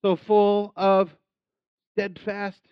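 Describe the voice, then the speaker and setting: A man's voice: sits high, completely flat delivery, extremely slow, clean tone, dry recording, muffled recording. A man, a pastor, giving a casual, enthusiastic sermon with self-deprecating asides and frequent restarts.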